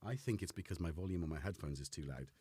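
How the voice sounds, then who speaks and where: A man's voice: deep voice, fast, warm tone, breathy edge. A man hosting a casual livestream from a home studio, rambling and self-deprecating as he greets his chat by name. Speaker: livestream host.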